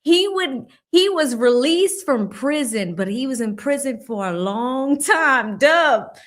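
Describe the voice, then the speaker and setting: A woman hosting a casual livestream, reading viewer comments aloud and laughing as she mocks the people she talks about with quick impressions. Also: fairly high pitch, animated. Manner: reads viewer super chats aloud, laughing and mocking. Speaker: livestream host.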